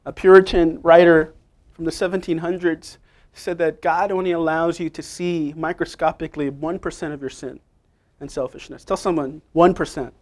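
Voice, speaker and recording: A man's voice: a little high, fairly even intonation, moderate pace. Emphatic male pastor preaching. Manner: swings from quiet to loud, emphatic and playful. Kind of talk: sermon.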